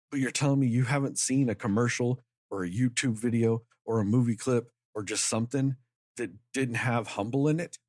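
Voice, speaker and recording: A man's voice: medium pitch, a little mellow, no echo, studio quality. A man co-hosting a podcast, ranting in a heated, emphatic way and swearing freely. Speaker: podcast co-host. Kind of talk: casual podcast chat.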